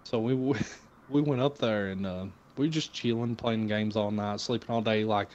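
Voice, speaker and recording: A man's voice: on the low side, steady tone, normal speed, darkish tone, highs cut off, a little hiss or hum. Rambling, profane young man telling a story. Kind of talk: casual chat.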